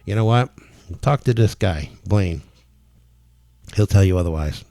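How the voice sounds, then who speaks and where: Low-voiced excited man telling his story. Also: measured pace, dry recording, clean studio sound. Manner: excited, emphatic, casual slang. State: emotional, close to tears. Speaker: spiritual healer. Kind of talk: casual testimonial monologue to camera.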